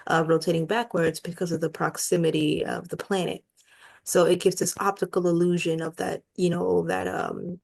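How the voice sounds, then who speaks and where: Young woman with a gravelly, fraying voice. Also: lowish voice, darkish tone. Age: 20s. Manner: rambling, many ums and uhs, thinks aloud. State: losing her voice. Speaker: astrologer host. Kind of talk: casual screen-share astrology lesson. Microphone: laptop built-in mic over a video call.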